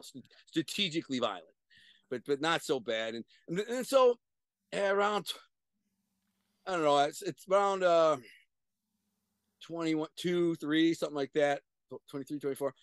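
A middle-aged man, a guest on a video-call interview, telling profane street stories in an animated way with sudden loud bursts. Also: on the high side, moderate pace, pauses often, smooth, dry recording. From Detroit, USA. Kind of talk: casual storytelling.

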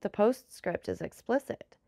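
A woman reading the lines of a calm, commanding nobleman in an audiobook, measured and slightly ironic. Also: medium pitch, vocal fry, dry recording, studio quality, full character voice. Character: commanding, enigmatic nobleman, the Count.

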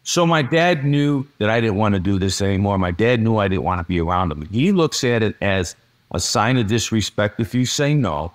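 Blunt low-voiced man. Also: animated, normal speed. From Chicago, USA. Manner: blunt, dramatic retelling with rhetorical "okay?" asides. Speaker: podcast guest. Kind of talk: storytelling in a podcast interview.

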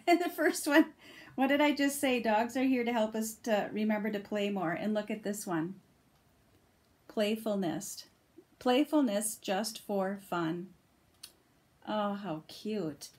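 A woman's voice: fairly high pitch, a little mellow. A middle-aged woman gushing and laughing often as she reviews a deck of dog oracle cards in a casual video. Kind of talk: casual card reveal and review.

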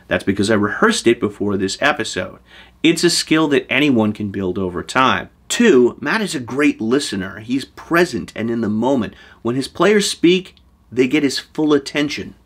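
Animated man teaching game mastering. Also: medium pitch. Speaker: show host giving game master advice. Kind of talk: scripted talk to camera.

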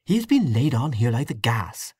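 A man voicing an elderly woman, a fussy and chiding aunt, in a high fluttery voice for a storybook reading. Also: very animated, normal speed, darkish tone, husky, no echo, clean studio sound.

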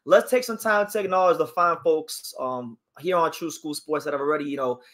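Fairly high-pitched and a bit bright, the boxing channel host speaks a little fast. His casual livestream is chatty: he reads viewers' comments out loud, responds, and shares his takes on fighters.

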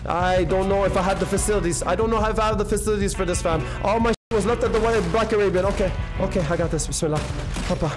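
Frantic, fast-talking male streamer. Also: high voice, music in the background. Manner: frantic, repetitive, excitable. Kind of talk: live gameplay commentary.

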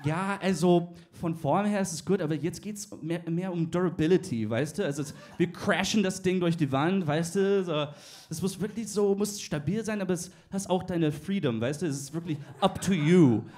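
A man's voice: high voice, normal speed, hardly any pauses, a little mellow, lightly acted. A man mimicking a fussy German film boss who rambles and mixes English words into his German. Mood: earnest rambling.

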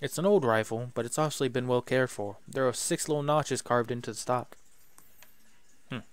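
A man's voice: medium pitch, normal speed, clear, resonant tone, dry recording. A man casually commenting on a video game as he plays, joking and muttering to himself. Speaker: gaming YouTuber. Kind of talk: let's play commentary.

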